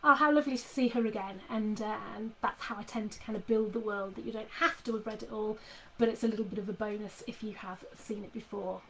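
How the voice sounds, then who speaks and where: A woman's voice: medium pitch, flat delivery, fairly quick, a little hiss or hum, rough recording. A middle-aged woman author chatting casually with readers from her home office, full of fillers and restarts. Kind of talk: casual live chat with readers.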